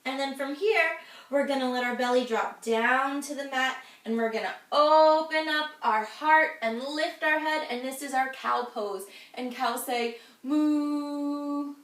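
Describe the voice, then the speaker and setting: A woman with a high voice leads a children's yoga class, talking the kids through each pose in a cheerful, encouraging way. She sounds set back from the mic, and her voice rings around an echoey room. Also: unhurried, a bit bright, recorded from a distance. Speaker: kids' yoga instructor.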